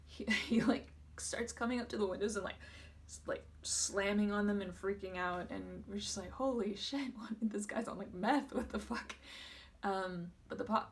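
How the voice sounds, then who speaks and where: A woman's voice: mid-range voice, creaky, recorded from a distance. A young woman, a former video store clerk, telling a story casually in an interview, laughing often and using many fillers.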